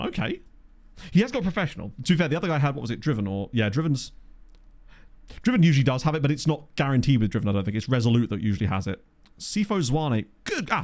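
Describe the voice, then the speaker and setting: A man's voice: mid-range voice, darkish tone. A man giving casual, chatty gameplay commentary, thinking aloud and joking with his chat into a desktop microphone. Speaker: gaming video creator. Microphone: desktop USB microphone.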